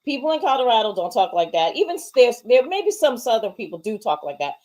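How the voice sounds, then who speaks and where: A woman's voice: fairly high pitch, very animated, fast, a little mellow. A woman co-hosting a casual movie review chat online, emphatic and opinionated, acting out her own reactions. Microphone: streamed online call.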